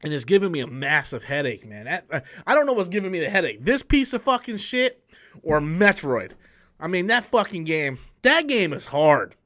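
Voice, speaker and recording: A man's voice: a little high, very animated, normal speed, a bit bright. A man hosting a casual live stream and telling rambling, profane stories full of restarts. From New York. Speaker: channel host.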